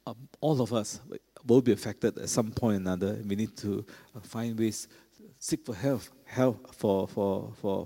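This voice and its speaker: A man's voice: lowish voice, darkish tone, slightly rough. A middle-aged man preaching a sermon, talking to the congregation in a conversational way and often checking in with them. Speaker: pastor. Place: large church. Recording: long reverb of a large church.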